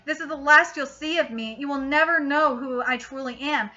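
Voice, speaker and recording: A woman's voice: high-pitched, normal speed, bright, forceful tone, voice pushed down. A woman reading aloud the lines of a brooding young male fallen angel, earnest and plain, on dull lo-fi audio.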